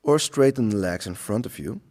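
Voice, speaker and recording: A man teaching a slow yoga class, guiding the poses and the breath in a calm, soothing way with long pauses. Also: fairly low pitch. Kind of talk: guided yoga instruction.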